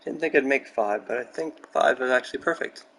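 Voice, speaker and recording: Young male streamer, candid and excitable, rambles through stories in a medium voice; close mic with light background noise. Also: mid-range voice, fairly quick, poor audio. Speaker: gaming streamer. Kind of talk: casual chat while building in a game. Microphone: close desk mic.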